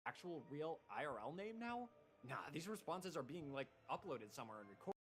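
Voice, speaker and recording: A man narrating a video in a lively, conversational way. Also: fairly high pitch, brisk. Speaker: video essayist. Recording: narration played over background music.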